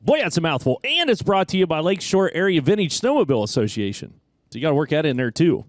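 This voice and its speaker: A male race announcer calling the action in quick, excited bursts, his voice sitting a little high. The sound is close and dry, with no room around it. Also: no room sound. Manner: fast, excited race calling with track jargon. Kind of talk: play-by-play commentary.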